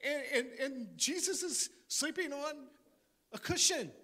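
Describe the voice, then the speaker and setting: A man preaching a sermon as pastor before a church congregation, animated, with joking asides and frequent restarts. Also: very high voice, measured pace.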